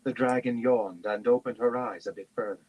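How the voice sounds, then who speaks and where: A man reading a fantasy novel aloud in a steady, measured way on a livestream. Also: mid-range voice, phone-quality sound. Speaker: reader.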